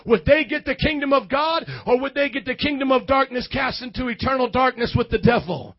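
A man, a youth pastor preaching a fiery sermon to his congregation, breaking into shouted, sing-song outbursts. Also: very high-pitched, fairly quick, muffled recording. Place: church hall before a youth congregation.

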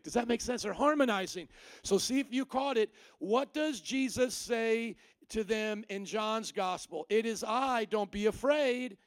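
A man with a high, smooth voice preaches a sermon and keeps the congregation involved with call-and-response questions. His speech is clean and close, with almost no room sound. He explains ideas through everyday comparisons. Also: dry recording. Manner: explanatory, uses everyday examples. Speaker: pastor.

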